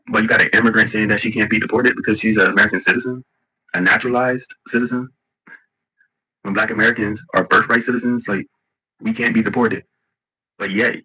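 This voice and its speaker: A man giving rapid, indignant video commentary, slipping into mocking quoted voices. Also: on the low side, bright, forceful tone, husky, poor audio. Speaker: online commentator.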